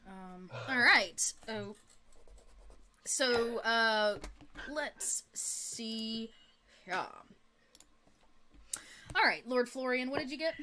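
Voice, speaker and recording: A woman's voice: on the high side, extremely slow, long pauses, sharp tone. A woman running a tabletop game as game master, narrating with giggles and lots of fillers.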